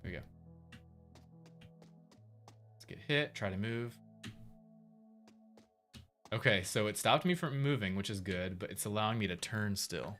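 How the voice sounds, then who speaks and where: A man streaming his game development, thinking aloud in a relaxed, casual way while he tests things. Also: lowish voice, moderate pace, pauses often, faint music behind. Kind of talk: casual livestream commentary.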